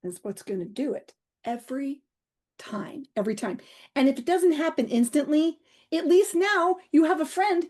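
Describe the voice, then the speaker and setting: Brief: middle-aged woman, comedian guest, high voice, animated storyteller. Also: normal speed. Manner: playful, acts out voices in her stories. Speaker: guest comedian and humor coach. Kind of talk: animated podcast chat.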